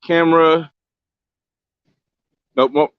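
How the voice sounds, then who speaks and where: A young man live-streaming a casual travel vlog from a beach, talking loosely in slang and shouting out viewers on a handheld phone. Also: fairly high pitch, fairly even intonation, takes it slowly, clean tone, no echo. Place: outdoors on a beach by a boat landing. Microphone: phone camera held by hand. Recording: slightly dull lo-fi phone audio.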